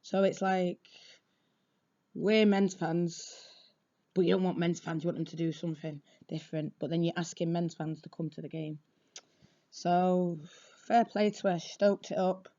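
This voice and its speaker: A woman football supporter telling a casual story in a chatty, lively and blunt way, on a dull lo-fi recording. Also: on the low side, moderate pace, long pauses.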